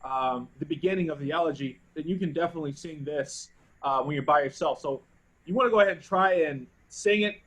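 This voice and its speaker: A man teaching a group bass class over a video call, thoughtful and often restarting phrases while he searches for words. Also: brisk, a bit bright, low-quality recording.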